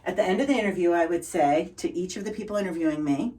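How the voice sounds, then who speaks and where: A middle-aged woman from Boston with a Boston accent, telling upbeat stories as a guest in a conversation. She sounds energetic and relentlessly positive. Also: on the low side, quick pace, recorded from a distance, rough recording.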